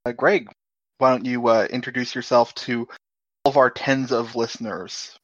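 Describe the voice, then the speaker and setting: A man hosting and running a tabletop role-playing game online, talking casually with frequent pauses and fillers. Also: medium pitch, no room sound, dull audio. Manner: relaxed, hesitant with many uhs. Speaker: game master and host. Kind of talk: casual actual-play narration.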